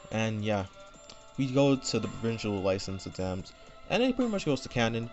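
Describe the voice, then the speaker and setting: A man with a lowish voice retells his fan story without a script, wandering through fillers and checking in with "right?". He is recorded at home on a desk microphone that sounds dull and lo-fi. Faint music runs underneath. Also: big pitch swings, normal speed. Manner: rambling, full of fillers and "right?" asides. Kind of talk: unscripted casual story retelling. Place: home room.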